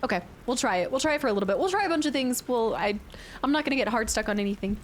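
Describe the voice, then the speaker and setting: A playful woman streamer chats casually over her game, thinking aloud and responding to viewers. Her voice sits a bit high, and a faint hiss stays in the background. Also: lively intonation, rapid-fire. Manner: chatty and playful, thinking aloud, reading chat and thanking viewers. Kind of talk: casual gameplay commentary.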